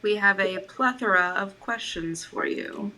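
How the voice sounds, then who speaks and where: A woman playing in a tabletop game, chatting casually and making quick, playful jokes. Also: medium pitch, bright, forceful tone. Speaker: player.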